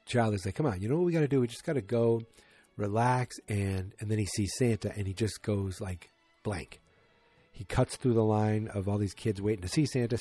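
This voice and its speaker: Guy on a fan podcast rambling thru an episode recap, lots of ums, dark mellow voice, dry close mic, faint music under. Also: on the low side, no room sound. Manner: rambling, restarts, lots of ums, acts out quotes. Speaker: podcast co-host.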